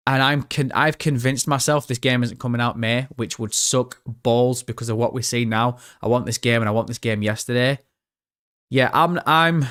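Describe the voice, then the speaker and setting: A man's voice: mid-range voice, a bit bright. A man doing a live-stream reaction, chatty, swearing casually and answering his chat as he goes. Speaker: gaming streamer.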